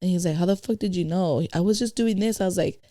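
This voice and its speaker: A woman's voice: on the low side, quick pace. A woman guest on a podcast, telling a blunt, profane story in casual chat and acting out who said what. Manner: blunt, profane, animated retelling of conversations.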